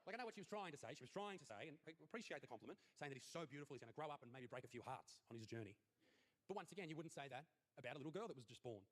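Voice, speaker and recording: A man's voice: a little high, expressive, rapid-fire, sharp tone. A man, telling a crude, profane stand-up story and acting out the scenes. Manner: brash, profane, acts out scenes. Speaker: stand-up comedian.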